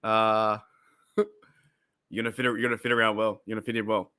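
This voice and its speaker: A man's voice: fairly low pitch, little pitch movement, fairly quick, sharp tone, clear, resonant tone. A man hosting a casual live stream, chatting and reacting to viewer comments, often repeating himself and exclaiming. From Australia. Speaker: podcast host reading live chat.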